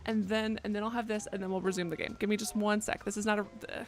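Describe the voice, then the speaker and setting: Gravelly-voiced young woman streamer. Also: mid-range voice, flat delivery, fast, faint music behind. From United States. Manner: rambling, joking, swears a lot. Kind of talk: casual live-stream chat. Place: her bedroom.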